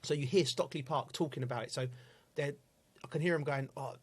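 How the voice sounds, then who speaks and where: A man's voice: a little high, brisk, slightly rough. A man with a slightly raised voice tells football stories in casual banter. He chats freely and laughs often. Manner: chatty storytelling, laughs often. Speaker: football pundit.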